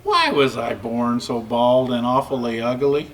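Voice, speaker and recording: A man's voice: medium pitch, steady tone, measured pace, distant mic, slight background noise, voice pushed down, close to an everyday voice. A man voicing a sad, self-conscious young female pig in a storybook reading, in a plaintive, polite way.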